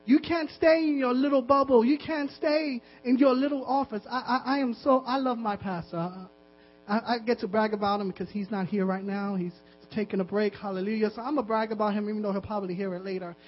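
In a dull, lo-fi recording with mains hum, a man preaches as a pastor, pressing his listeners through impassioned repetition broken up by laughs. His voice sits high, his tone stays steady, and he talks fairly quickly.

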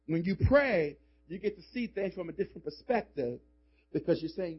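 A male pastor with a high voice preaches in a church, pressing his points with emphatic calls and casual, joking asides. The recording is dull and lo-fi. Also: lively intonation, normal speed, husky, soft background music. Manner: emphatic, call-and-response urging. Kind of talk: sermon. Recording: dull lo-fi sermon audio.

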